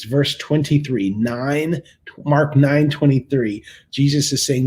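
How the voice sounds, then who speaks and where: A man's voice: on the high side, unhurried, a little mellow. A man hosting a casual morning show, chatting about the weekend and then reading and paraphrasing a Bible story in everyday words, with frequent restarts. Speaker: host of a morning video devotional.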